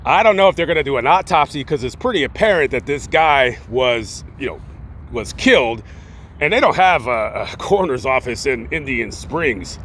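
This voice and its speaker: A man casually retelling a true-crime story, rambling and acting out the quotes in animated voices. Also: medium pitch, normal speed, slight background noise. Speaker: YouTube storyteller.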